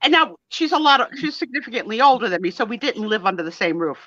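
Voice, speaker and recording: A woman's voice: a little high, quick pace, no room sound. A middle-aged woman, telling stories in a casual chat on a video call. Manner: chatty, storytelling, animated. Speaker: guest on a live sale chat. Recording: dry, dull lo-fi call audio.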